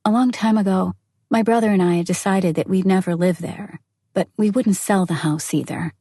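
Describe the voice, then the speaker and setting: Mellow, breathy woman narrating an audiobook. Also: medium pitch, normal speed, no echo, studio quality. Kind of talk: first-person audiobook narration.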